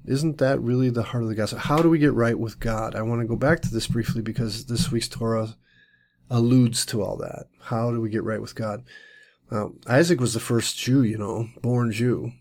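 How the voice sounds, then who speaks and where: A man's voice: medium pitch, steady tone, normal speed, darkish tone. Earnest man teaching scripture. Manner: earnest, explanatory, with frequent restarts. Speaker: Messianic teacher. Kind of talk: Bible teaching sermon.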